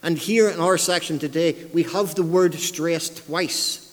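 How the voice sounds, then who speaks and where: A man's voice: a little high, a little slow. Emphatic male preacher in a reverberant hall. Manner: emphatic, repeats key phrases for stress. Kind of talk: sermon.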